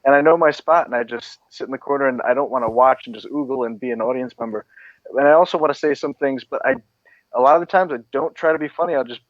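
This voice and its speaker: A male podcast co-host musing in a relaxed, meandering way. He reflects out loud, and his voice comes through dry and a little dull, like a lo-fi recording with no room sound. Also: medium pitch, quick pace, dry recording. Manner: relaxed, thoughtful, rambling. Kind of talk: casual commentary.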